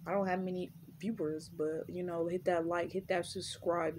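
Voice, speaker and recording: A young woman chatting casually on her vlog, rambling with lots of fillers and relaxed slang. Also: lowish voice, normal speed, few pauses, slight background noise. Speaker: vlogger.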